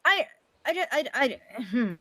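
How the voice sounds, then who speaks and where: Woman playing a high, swinging-voiced hothead who stammers and apologizes, dry close sound. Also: very animated, bright, forceful tone, no room sound, full character voice. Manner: stammering, swearing, quick apologies. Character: blunt, hot-tempered, apologetic woman. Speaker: streamer role-playing her character. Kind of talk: improvised role-play chat.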